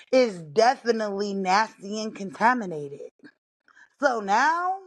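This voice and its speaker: Woman going off on a rant, kinda high voice, out of breath from pacing around her living room. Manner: indignant, exasperated, talks straight to listeners. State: out of breath from walking laps. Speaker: podcast host. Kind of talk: casual ranting monologue.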